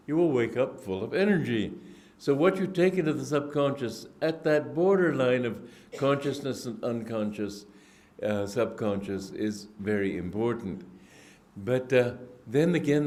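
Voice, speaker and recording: Man, spiritual teacher, reflective unhurried discourse, mid-pitched voice, frequent restarts. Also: darkish tone. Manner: clears throat often. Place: indoor gathering hall.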